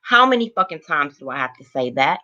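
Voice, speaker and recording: An older woman with a bright, forceful voice rants bluntly at her livestream chat, swearing heavily. The audio is dull and lo-fi, like a muffled phone stream. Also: low voice, big pitch swings, a little fast. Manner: blunt, heavily profane, greets viewers by name. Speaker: livestream host. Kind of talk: angry livestream rant to chat.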